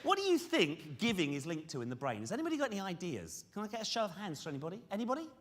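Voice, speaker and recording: A man giving a lively conference presentation, questioning the audience directly. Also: high-pitched, racing. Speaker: conference speaker on fundraising. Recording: reverberant hall.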